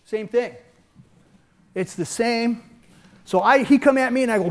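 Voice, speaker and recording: An older man teaching a hands-on martial arts seminar, energetic, shouting sound effects and checking in with "right?" as he demonstrates. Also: extremely high pitch, normal speed.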